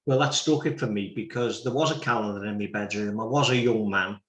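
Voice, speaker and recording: A man's voice: on the low side, a little fast, a bit bright. A man with a Liverpool accent, a reverend hosting the show and recounting a memory in easygoing casual chat. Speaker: host, reverend. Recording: roomy echo.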